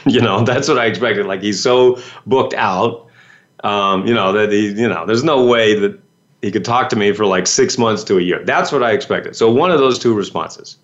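Animated storytelling man, lo-fi sound. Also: on the low side, normal speed. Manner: animated, acts out quoted voices, many fillers. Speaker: speaker telling a personal story. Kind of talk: casual storytelling talk.

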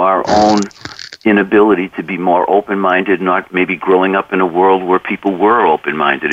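A fairly low-pitched man talks earnestly in a radio interview, often replaying past conversations as he goes. The sound is dry and slightly muffled, and he sits a little back from the mic. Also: no room sound, distant mic. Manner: earnest, acts out dialogue in anecdotes. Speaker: author and coach, interview guest.

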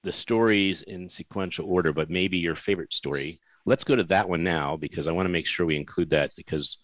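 A male podcast host with a very low, deep voice speaks with enthusiasm. The recording is dry and close. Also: brisk, a bit bright, no echo. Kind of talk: casual interview talk.

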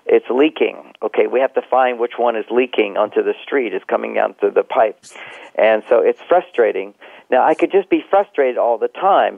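A man's voice: mid-range voice, creaky, no echo. A middle-aged man who works as a relationship counselor gives advice in an interview, reflectively talking himself through examples and chuckling often. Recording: tinny phone-like line, dry.

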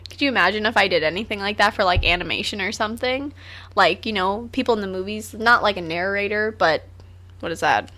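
A woman's voice: medium pitch, brisk, sharp tone. A teenage girl hosting a radio show, chatting casually with lots of fillers and giggles.

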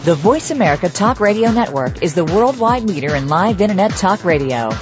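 A woman reading a scripted radio network announcement and disclaimer in a smooth, measured way. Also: mid-range voice, animated. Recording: lo-fi radio audio with music bed.

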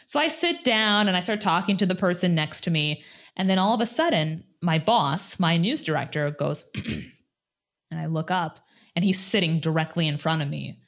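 A woman's voice: on the low side, normal speed. A middle-aged woman, a former TV news host, telling a personal story with animation and acting out the dialogue. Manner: animated, acts out quoted dialogue.

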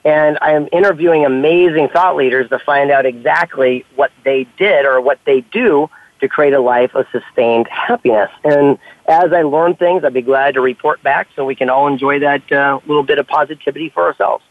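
A man with a fairly high voice tells stories in an easy, conversational way, slipping into quoted dialogue as he goes. The sound is tinny and narrow like a phone line, and dry with no room echo. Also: normal speed. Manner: animated, acts out dialogue in quotes. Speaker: author and podcast guest. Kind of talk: casual storytelling conversation.

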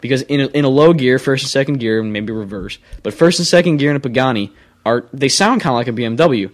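A young man co-hosting a casual car chat show, opinionated and rambling, quick to argue his point. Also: medium pitch. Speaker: co-host.

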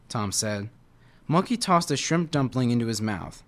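A man's voice: medium pitch, lively intonation, moderate pace. A man reading a children's novel aloud in a casual way, with slips and restarts. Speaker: reader.

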